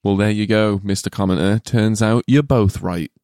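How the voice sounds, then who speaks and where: A man co-hosting a casual film podcast, excitable and swearing freely. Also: on the low side, moderate pace, no room sound, clean studio sound. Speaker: podcast co-host.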